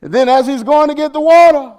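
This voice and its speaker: A man preaching a sermon as pastor in a church. He delivers it with animated shouting, humor and call-and-response questions to the congregation. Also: extremely high pitch, fairly quick.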